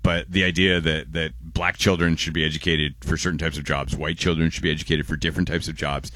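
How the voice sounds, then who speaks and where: A young man, hosting call-in talk radio, quick and loose as he reads listener texts aloud. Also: rumbling low, little pitch movement, sharp tone, no echo. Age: young adult. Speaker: radio host. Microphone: close studio microphone.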